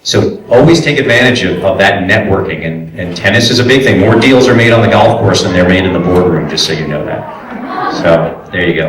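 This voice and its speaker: A man's voice: sits low, fairly quick, crowd noise. A man, a voice actor and director, answering audience questions at a convention panel in a loose, chatty way full of fillers and restarts. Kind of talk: casual Q&A talk to a live audience. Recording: echoey room from far off.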